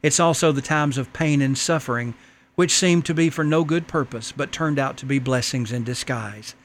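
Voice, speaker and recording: A man's voice: mid-range voice, moderate pace, slight background noise. A man preaching a sermon, earnestly reading a letter and a story aloud to the congregation.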